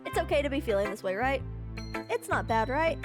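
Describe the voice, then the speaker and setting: A woman's voice: high-pitched, animated, fairly quick, music in the background. A woman reading aloud as a shy, obsessive young woman in a video game, gushing with fervent adoration.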